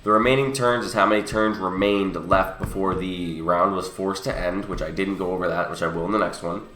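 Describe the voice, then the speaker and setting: A man's voice: low-pitched, steady tone, fairly quick, pushed and bright, roomy sound. A young man with a cold, sniffly and a bit under the weather, casually walking viewers through a mobile game and correcting himself as he goes. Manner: explanatory, self-correcting. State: sick and sniffly. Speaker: gaming channel host. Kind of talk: casual game walkthrough commentary.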